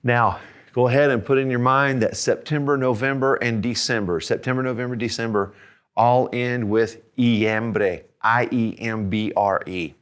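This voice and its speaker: A man teaching a video language lesson as a Spanish teacher, encouraging, repeating each word slowly so learners can say it after him. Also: medium pitch, steady tone, clean tone.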